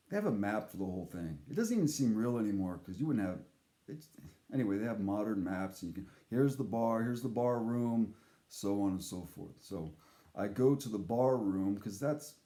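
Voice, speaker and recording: A man's voice: fairly low pitch, dark tone, echoey room. A man telling a casual, comic story in a rambling, profane way, often breaking off his sentences. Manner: rambling, profane, self-interrupting.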